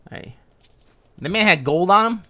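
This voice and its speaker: A young man streaming a game, giving casual, joking commentary with excitable outbursts. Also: high-pitched, a little slow, slight background noise.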